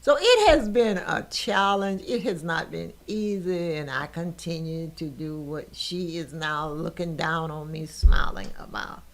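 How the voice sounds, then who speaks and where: A woman's voice: sits low, expressive, unhurried, hardly any pauses. An older woman hosting a podcast, telling a personal story with emotion and laughter. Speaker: podcast host.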